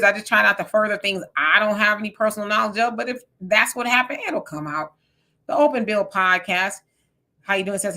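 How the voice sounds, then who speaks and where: A woman hosting a live stream, chatting casually, reading viewer comments aloud and laughing often. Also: medium pitch. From Texas. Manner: animated, laughs often, greets viewers by name.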